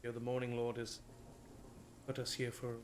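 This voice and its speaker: A man's voice: mid-range voice, completely flat delivery, moderate pace, close to an everyday voice. A man voicing a humble, courteous male cleric who speaks formally with some hesitation.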